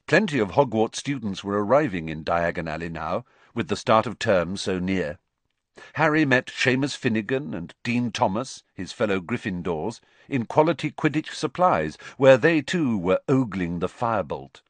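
Man reading an audiobook, very lively delivery, dry close sound. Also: fairly low pitch, moderate pace, no room sound. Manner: expressive, switches voices for characters. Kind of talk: audiobook narration.

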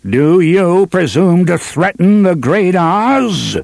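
A man voicing a pompous fake wizard who booms slow, loud threats through pipes. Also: huge pitch swings, gravelly, slightly rough, dry recording, full character voice. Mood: blustering.

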